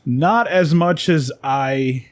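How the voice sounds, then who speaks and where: A man, an actor and voiceover artist, chatting as a guest in a radio studio in a relaxed, rambling way and laughing often. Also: fairly high pitch, takes it slowly. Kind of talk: casual conversation.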